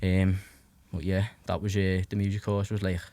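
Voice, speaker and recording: In a low, mellow monotone at normal speed, a young Liverpool man with a Scouse accent rambles through casual stories as a podcast guest. He's full of fillers and restarts and swears freely.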